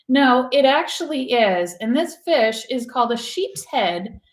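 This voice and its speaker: Chatty high-voiced woman hosting a show. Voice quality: animated, chatty, quick to laugh. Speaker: show host. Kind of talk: casual chat, reading odd news stories. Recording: roomy echo.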